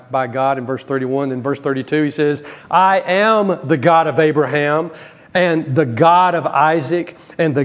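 Guy teaching from the bible, kinda high voice, punches his points then goes quiet. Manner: emphatic, rising to stress key words then dropping low. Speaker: preacher.

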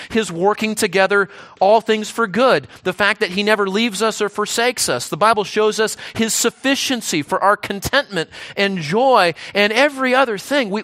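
A man's voice: sits high, pushed and bright. A man, the pastor, preaching a sermon in a conversational way, often restarting phrases and checking in with "right?".

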